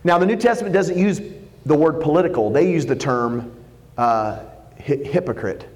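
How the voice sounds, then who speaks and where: Animated preacher man in a reverberant church. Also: a little high, moderate pace. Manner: animated, jokey preaching with acted-out quotes. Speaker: pastor. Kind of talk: sermon.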